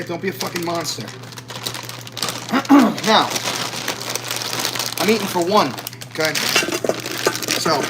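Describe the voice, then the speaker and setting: A man's voice: sits high, heavy background noise. A man chatting casually to camera while cooking in his home kitchen, swearing freely and joking in a brash, chatty way. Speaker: home cook vlogger. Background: music.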